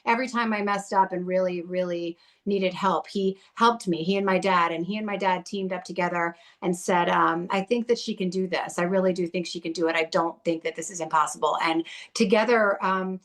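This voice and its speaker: A woman's voice: fairly low pitch, steady tone, a little fast, hardly any pauses, a bit bright. A woman guest in her thirties or forties telling her own story in a blunt, heated way, swearing often. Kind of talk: candid conversational storytelling.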